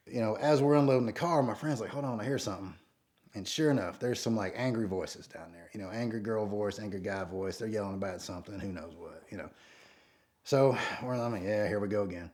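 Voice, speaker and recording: A man telling a rambling story in a casual, animated way, acting out quotes and sounds. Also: fairly low pitch. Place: rural North Georgia home.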